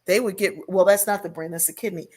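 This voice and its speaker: A woman's voice: medium pitch, fairly even intonation, fast talker, darkish tone. An older woman, a guest on an interview show, telling a personal story at length and acting out the voices she remembers. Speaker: guest, sociologist and author.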